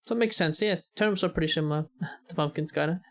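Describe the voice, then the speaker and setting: A man's voice: on the high side, fast talker. An American man hosting a reaction video, talking casually and rambling with many fillers. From United States.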